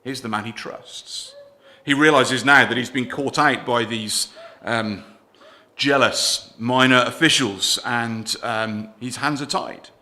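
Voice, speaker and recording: A man preaching a sermon in church, earnest, putting questions to the congregation and letting his voice fall softer at the ends of lines. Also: medium pitch, slow pace.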